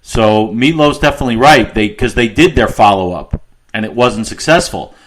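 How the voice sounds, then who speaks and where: A middle-aged man rambles through anecdotes in a lowish voice on a casual music podcast. He restarts his sentences often. A faint hiss sits under the recording. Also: expressive, moderate pace, fairly bright tone, poor audio. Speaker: podcast co-host.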